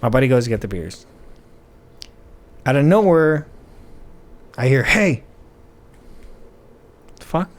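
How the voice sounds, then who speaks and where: A man, co-hosting a podcast and telling a story in an animated, profane way, full of "like" and "right?". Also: medium pitch, a little slow, long pauses. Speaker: podcast co-host. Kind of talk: casual storytelling chat.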